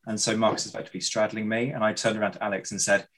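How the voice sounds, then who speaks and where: A man telling an animated anecdote in casual podcast chat. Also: on the low side, racing, slight background noise.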